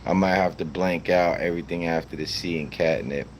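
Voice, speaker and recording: A man's voice: low-pitched, fairly even intonation, normal speed, few pauses. A man casually chatting with his live stream audience, loose and profane, talking to viewers in chat by name. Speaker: livestreamer. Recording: background noise.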